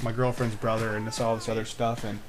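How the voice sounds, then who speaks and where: A man's voice: on the low side, little pitch movement, fast talker, soft background music. A man in his twenties tells a personal story to camera in a rambling, laid-back way, with lots of fillers and swearing. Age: 20s. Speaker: vlogger.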